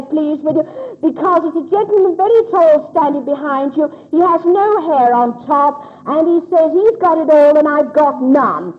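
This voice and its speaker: Woman medium, high animated voice, reassuring "my dear" manner, tinny narrow-band old tape. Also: normal speed. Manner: calls listeners "my dear", reassuring. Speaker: spiritualist medium. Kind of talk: public spirit-message demonstration. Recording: tinny phone-like old recording.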